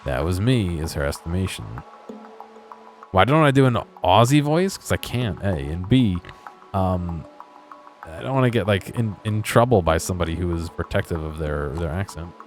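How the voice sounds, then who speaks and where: A man's voice: low voice, moderate pace, faint music behind. A man casually commentating a let's play video, chatting between reading the game's text aloud. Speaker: gaming video creator.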